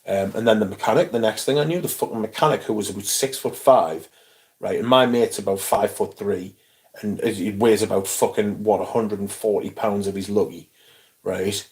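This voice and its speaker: A middle-aged man, telling an animated, swear-filled story on a casual livestream. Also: lowish voice, normal speed. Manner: swearing, animated anecdote with quoted voices. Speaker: livestream host.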